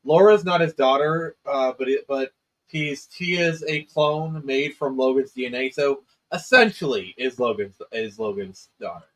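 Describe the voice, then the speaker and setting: A man co-hosting a casual movie discussion, explaining plot details in a measured way with fillers. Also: mid-range voice, poor audio. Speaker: podcast co-host.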